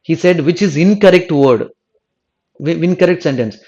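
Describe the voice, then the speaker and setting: Going through test answers, this exam coaching teacher from South India speaks at a moderate pace in a slightly high, mellow voice, captured in a muffled recording. He restarts and rephrases as he goes, repeats himself, and tags on "no?".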